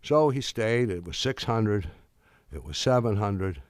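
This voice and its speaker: Low-voiced man telling lecture anecdotes. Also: animated, measured pace, no room sound. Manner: conversational, acts out quoted dialogue. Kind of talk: public lecture, anecdotal storytelling.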